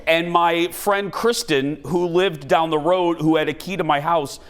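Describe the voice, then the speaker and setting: A middle-aged man hosting a studio talk show, telling a self-mocking story in an animated way. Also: a little high, a little slow. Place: TV studio with live audience.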